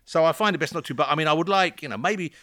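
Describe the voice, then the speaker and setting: A man's voice: fairly high pitch, rapid-fire, sharp tone, dry recording, studio quality. A man, chatting playfully and explaining things at length in a casual talk. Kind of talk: casual chat.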